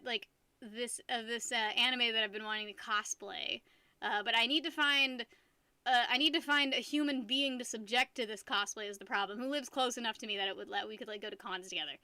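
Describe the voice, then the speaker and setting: Young woman, high-pitched, bright tone, dry close sound, giggly live-stream chatter, restarts a lot. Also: no room sound. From United States. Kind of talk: casual live-stream chat.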